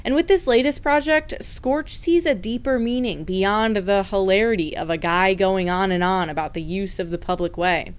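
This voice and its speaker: A woman radio reporter narrating a scripted news feature in a measured, clear delivery. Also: medium pitch.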